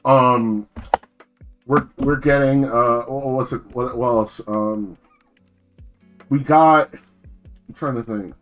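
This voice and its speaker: A man's voice: mid-range voice, steady tone, slow, pauses often, faint music behind. A young man from New Jersey chatting casually on a live stream, rambling, swearing and full of slang.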